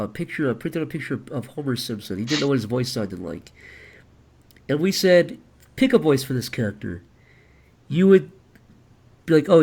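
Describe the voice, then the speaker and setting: A man chatting casually on a livestream, animated, profane and quick to laugh. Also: medium pitch, breathy edge. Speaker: streamer.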